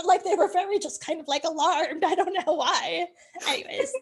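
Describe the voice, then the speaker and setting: A woman chatting on a video call, telling stories in an animated way and laughing often. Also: very high-pitched, fairly quick. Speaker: speech language pathologist. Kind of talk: casual chat on a video call.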